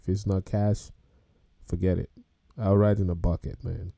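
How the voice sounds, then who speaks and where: A man's voice: low-pitched, level tone, moderate pace, vocal fry, warm tone, no echo, clean studio sound. A man hosting a podcast, reacting to video clips about car payments with casual, incredulous commentary and laughter. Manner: incredulous, laughs and exclaims at prices.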